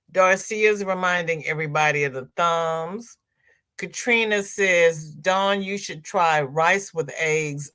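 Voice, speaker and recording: Woman, crochet livestream host, casual chat, reads comments aloud, slow-paced. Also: on the low side, a bit bright. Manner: chatty, reads viewer comments aloud and responds.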